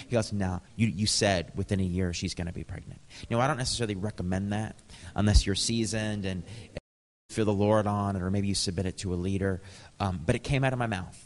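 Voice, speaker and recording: A man from Canada preaching a sermon, telling stories with lively, animated quoted dialogue. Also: lowish voice, fairly quick, big-room sound.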